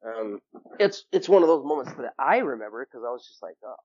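A man's voice: medium pitch, sing-song, a little fast, darkish tone, no room sound, muffled recording. A young man, a guest in an interview, telling a personal story casually, full of fillers and acting out what others said. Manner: rambling, filler-heavy, acts out quoted people in a raised voice.

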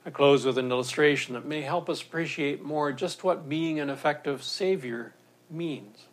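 Earnest man preaching a sermon. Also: on the high side. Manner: measured, earnest storytelling. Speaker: pastor.

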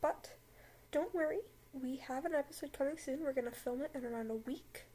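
A woman's voice: high voice, a little fast, warm tone, low-quality recording. A young woman hosting a casual podcast, rambling with lots of fillers and giggles, then reading a story aloud at home. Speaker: podcast host. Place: home room with a dog.

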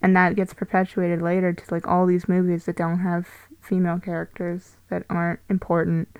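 A woman's voice: fairly low pitch, completely flat delivery, normal speed, a little mellow, clear, resonant tone, dry recording, rough recording. A young woman in a casual discussion about films, talking thoughtfully, hedging with many fillers. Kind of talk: casual podcast discussion of a film.

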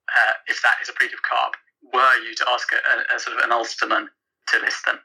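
A man's voice: mid-range voice, level tone, fast talker, pushed and bright, husky, rough recording. A man joining a podcast as a guest, teasing the hosts with dry remarks. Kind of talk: casual chat.

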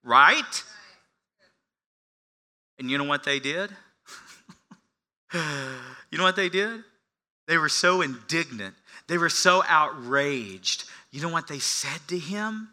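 A man preaching a sermon, moving between quiet, hushed passages and loud, emphatic ones, and acting out the lines of the man he tells about. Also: a little high, animated, a little slow, long pauses. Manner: acts out the beggar's lines with a raised voice. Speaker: pastor.

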